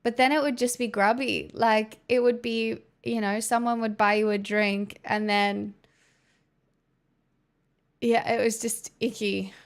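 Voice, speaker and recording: Australian woman streamer, gravelly fry in the voice, casual chat replying to viewers. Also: on the high side, flat delivery, unhurried. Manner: chatty, answers chat messages, rambling restarts. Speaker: livestreamer.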